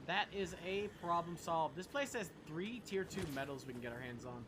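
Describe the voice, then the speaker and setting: A man's voice: on the high side, moderate pace, background noise. A young man streaming a video game, rambling casually, swearing and chatting to his viewers. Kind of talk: casual gameplay commentary.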